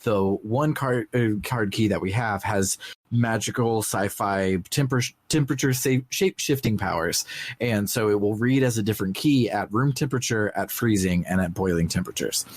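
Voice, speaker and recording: A man's voice: on the low side, normal speed, no room sound. A man co-hosting a casual podcast, speaking in a blunt, laid-back, joking way. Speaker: podcast co-host. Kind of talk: casual chat.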